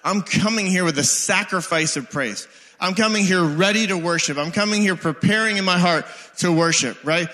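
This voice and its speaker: Male preacher, thirties; bright, fairly high voice, casual energetic delivery, reverberant hall. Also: moderate pace. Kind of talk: sermon. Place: church hall.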